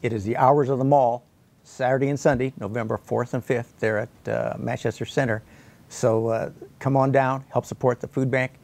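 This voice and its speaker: A man's voice: medium pitch, steady tone, moderate pace, vocal fry, darkish tone. An older man promoting an event in a studio interview, plainly announcing dates and details.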